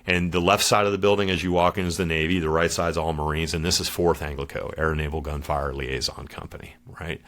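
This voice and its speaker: A man's voice: rumbling low, steady tone, a little fast, hardly any pauses, a bit bright. A middle-aged man, a former Marine guest on a podcast, telling his story in a casual, slangy way and calling the host dude and brother.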